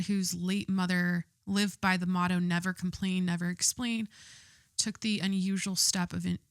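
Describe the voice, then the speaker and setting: A woman hosting a podcast, her voice sitting a little low for a woman. She reads news aloud and reacts bluntly and with swearing, tripping over words and correcting herself as she goes. The sound is dry and close to the mic. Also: fairly bright tone, dry recording. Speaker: podcast host. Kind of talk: casual chat reading and reacting to news.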